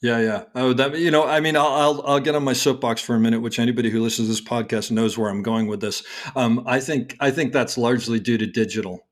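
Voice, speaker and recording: Man, podcast host, camera operator, mid-pitched voice, eager, quick to laugh. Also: fairly even intonation. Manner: chatty, laughs often, eager. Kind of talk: casual podcast chat.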